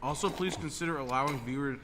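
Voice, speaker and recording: A man's voice: on the high side, quick pace, a bit bright, slight background noise. A man co-hosting a casual livestream, reading donation messages in an offhand way.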